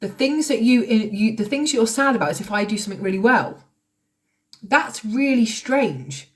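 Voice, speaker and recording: A woman's voice: on the high side, lively intonation, normal speed. Sweary woman ranting on a livestream. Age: late 30s. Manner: confrontational, sweary, sarcastic. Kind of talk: heated livestream rant. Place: at home, recording on TikTok Live.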